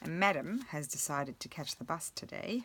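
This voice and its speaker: A woman's voice: low voice, lively intonation, moderate pace, fairly bright tone, a little hiss or hum. A woman in her forties chatting casually about her day while crafting, rambling with many fillers and restarts. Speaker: craft vlogger.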